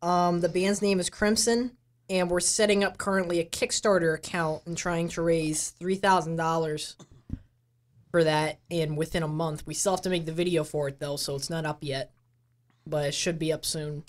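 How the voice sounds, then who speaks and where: A woman's voice: fairly low pitch, fairly even intonation, moderate pace. A woman appearing as a guest musician in a casual live-stream chat, wry and joking, with many fillers.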